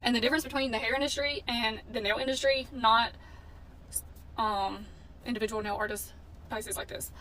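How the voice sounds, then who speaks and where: Woman, storytime vlogger, fired-up and blunt, slightly high voice, caught from off-mic with faint noise behind. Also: steady tone, moderate pace, fairly bright tone, distant mic, low-quality recording. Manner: indignant, blunt, swearing storyteller. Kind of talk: casual storytime vlog.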